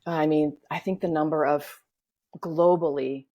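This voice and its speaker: A woman with a low voice guides listeners through a breathing exercise with calm, slow instruction. She then explains breathwork on a podcast. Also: highs cut off. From United States. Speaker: breathwork facilitator guest.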